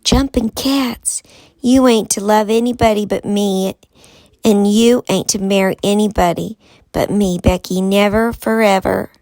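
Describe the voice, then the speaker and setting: A woman voicing a bold, boastful young schoolboy in a read-aloud storybook, with a folksy drawl and a gravelly edge. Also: medium pitch, fairly even intonation, unhurried, darkish tone, dry recording, natural voice. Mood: coaxing.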